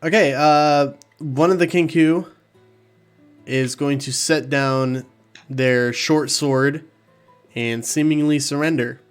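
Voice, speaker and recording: A man's voice: a little high, steady tone, slow pace, smooth, soft background music. A laid-back man narrating a tabletop game as game master, laughing easily.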